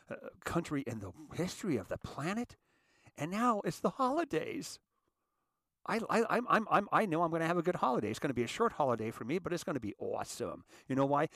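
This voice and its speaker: A man's voice: medium pitch, no echo, clean studio sound. Rambling man hosting a monologue show. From United States. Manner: rambling, many restarts and repeated words. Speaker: show host. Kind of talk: casual monologue.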